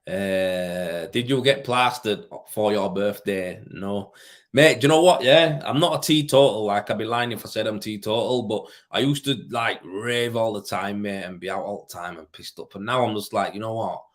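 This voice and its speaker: A man's voice: lowish voice, normal speed. A tired man in his thirties, a plasterer, hosting a casual live stream, reading viewer questions aloud and answering them in laid-back, slangy talk. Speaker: plasterer livestream host.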